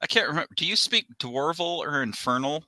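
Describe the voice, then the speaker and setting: A man's voice: fairly high pitch, animated, fairly quick, bright, forceful tone, no echo, poor audio. A man playing a tabletop game, talking in a cocky, playful way. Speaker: player. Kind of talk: tabletop role-play banter.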